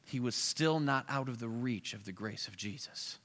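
A male preacher telling a story in a sermon. He swings between loud bursts and hushed asides. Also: medium pitch, moderate pace. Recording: echoey hall.

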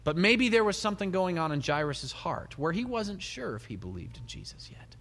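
A middle-aged man, a pastor, giving a sermon, retelling the story with animated storytelling and soft laughs. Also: sits high, normal speed. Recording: long hall reverb.

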